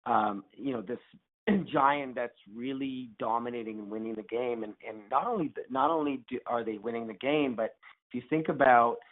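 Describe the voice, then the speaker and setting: Casting: male guest, mid-pitched voice, rambling with restarts, phone-line sound. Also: normal speed. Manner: rambling with many restarts and fillers. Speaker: guest, startup founder. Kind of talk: interview answers. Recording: tinny phone-line audio.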